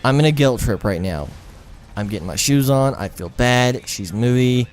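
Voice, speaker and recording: A man's voice: mid-range voice, lively intonation, moderate pace. Rambling young man telling a story. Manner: rambling, profane, frank. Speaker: gaming storyteller. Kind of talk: casual storytime over gameplay.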